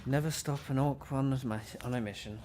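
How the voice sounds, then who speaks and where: A man's voice: medium pitch, a little fast, warm tone, a little hiss or hum. A man playing a tabletop game who talks in character in a wry, hesitant way. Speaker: player. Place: home setup, live stream.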